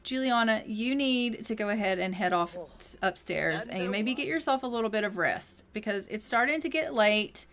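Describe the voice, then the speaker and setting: A woman's voice: medium pitch, expressive, moderate pace, hardly any pauses, crowd noise. A woman streaming a life sim game, chatting playfully through casual gameplay commentary. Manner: chatty, playful, voices her game characters.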